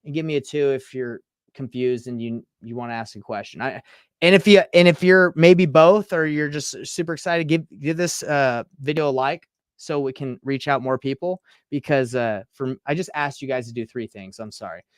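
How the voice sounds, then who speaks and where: Here a Utah real estate coach in his thirties leads a screen-share tutorial on a live stream, chatting casually as he reads out texts and responds. His medium-pitched voice has a clear, resonant tone at a normal speed. The sound is clean studio audio with no room echo.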